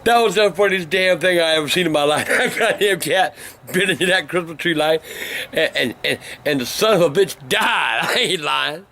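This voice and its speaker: An older man telling profane stories that break into shouting rants. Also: a little high, moderate pace, gravelly. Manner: cursing constantly, bursts into shouting. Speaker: vlog host telling stories. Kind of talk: profane storytelling rant.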